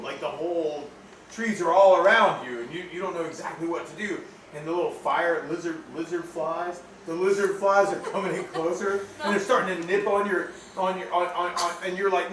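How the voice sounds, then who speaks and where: A man runs a tabletop game, spinning the scene out loud with endless fillers and sudden shouted bursts. His voice sits a little high for a man. He is picked up from far off in an echoey home room with clear background noise. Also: moderate pace. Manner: animated storytelling with many fillers, bursts into shouts. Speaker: game master.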